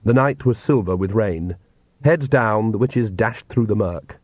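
Man narrating audiobook, measured, tinny phone-like audio, dry. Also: fairly low pitch, no room sound. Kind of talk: scripted narration.

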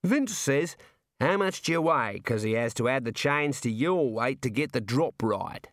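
A cheerful prison warder chats in a slow, homely drawl, as a male narrator puts him on. His voice sits higher than the reader's own, and the recording is dry and close. It is an audiobook character voice. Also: animated, a bit bright, dry recording. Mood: cheerfully grim. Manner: cheerful, folksy, drawn-out.

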